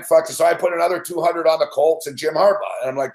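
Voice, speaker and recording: A middle-aged man spins a rambling story in casual chat, swearing every few words. His voice sits a little high for a man. The room around him rings with a noticeable echo. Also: fairly even intonation, fast talker, darkish tone. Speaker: sports betting show regular. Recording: roomy echo.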